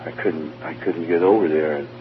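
Through a tinny phone line carrying a faint hum, a bass-voiced man speaks at a moderate pace as a guest. He gives an emotional near-death testimony, often repeating himself and restarting sentences.

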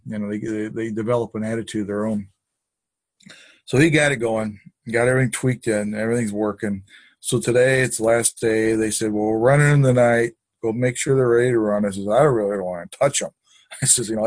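A man's voice: medium pitch, no echo. A man who maintains machines at work, casually telling a rambling, self-deprecating story about his day and often repeating himself.

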